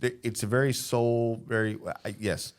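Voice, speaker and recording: A man's voice: mid-range voice, little pitch movement, moderate pace. A man co-hosting a podcast, talking in an emphatic, rambling way with restarts. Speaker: podcast co-host. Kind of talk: casual chat.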